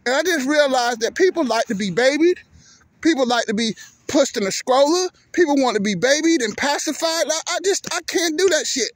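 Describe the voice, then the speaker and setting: Heated male vlogger, very high pitch, dry close mic, curses and stumbles. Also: lively intonation, brisk, dry recording. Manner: heated, cursing, repeats words. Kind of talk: profane sports rant.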